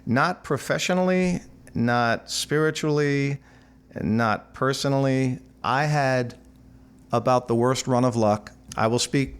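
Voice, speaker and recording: A man in his sixties, a musician guest in an interview, telling stories with animated energy and acting out the voices in his anecdotes. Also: medium pitch, takes it slowly, clear, resonant tone. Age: 60s. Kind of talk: storytelling interview.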